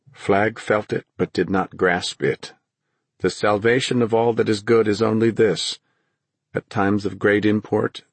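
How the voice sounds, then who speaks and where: A man narrating a fantasy audiobook in a measured, dramatic storytelling manner. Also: low voice, breathy edge, no echo.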